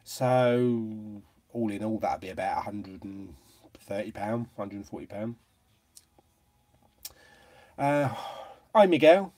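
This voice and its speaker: A man's voice: on the low side, lively intonation, slow pace, pauses often, darkish tone. Chatty British man hosting a live stream. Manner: chatty, jokey, laughs often. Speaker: host of a live chat stream. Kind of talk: casual live-stream chat.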